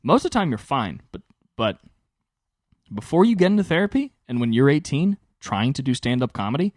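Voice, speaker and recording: A young man hosting his own podcast, telling a rambling story in casual, profane storytelling with sudden jumps in pitch for emphasis. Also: a little fast, no echo, studio quality. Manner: animated, swears freely, pitch jumps high for emphasis. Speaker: podcast host and stand-up comic.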